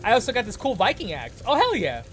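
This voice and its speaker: A man with a bright, high voice that leaps up and down as he chats through a game stream. He is playful and quick to laugh. Soft music hums faintly behind him. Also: wildly swooping pitch. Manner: playful, laughs often, reads dialogue aloud. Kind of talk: casual gameplay commentary. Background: faint background music.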